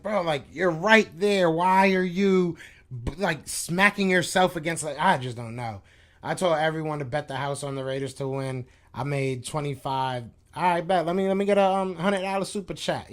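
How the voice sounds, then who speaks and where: Frustrated man ranting, fairly high voice. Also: normal speed, a bit bright. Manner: frustrated, venting, repetitive, slangy. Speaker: podcast host reacting to chat. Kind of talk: casual fan rant on a live stream.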